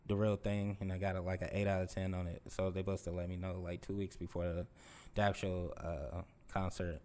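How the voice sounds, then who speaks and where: A young man, a rapper, talking casually in an interview in a laid-back, unhurried way, with many pauses. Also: low voice, level tone, dark tone, slight background noise. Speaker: rapper guest.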